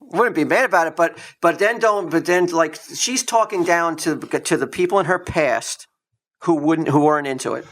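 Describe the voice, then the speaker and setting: A man's voice: fairly high pitch, normal speed, a bit bright. A man co-hosting a podcast in casual banter, indignant and emphatic, swearing often. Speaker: podcast co-host.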